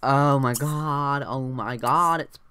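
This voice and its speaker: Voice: mid-range voice, takes it slowly, sharp tone, clean tone. A young adult chatting casually through a life-sim playthrough, rambling, talking to the game characters and often trailing off mid-sentence. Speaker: let's play gamer. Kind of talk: casual gameplay commentary.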